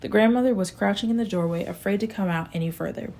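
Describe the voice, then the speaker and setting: Gravelly-voiced woman reading an audiobook. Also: mid-range voice, fast talker, hardly any pauses, mellow. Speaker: audiobook reader. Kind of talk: amateur audiobook narration.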